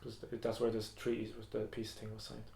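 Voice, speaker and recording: A man's voice: on the low side, monotone, a little fast, creaky, darkish tone. A young man co-hosting a podcast in casual chat, rambling, swearing a lot and laughing often. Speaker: podcast co-host. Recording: echoey room.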